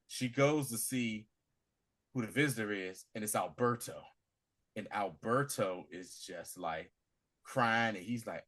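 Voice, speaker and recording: Animated man recapping a show. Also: mid-range voice, moderate pace. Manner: animated storytelling, acting out scenes in voices. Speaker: podcast co-host. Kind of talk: casual TV recap chat.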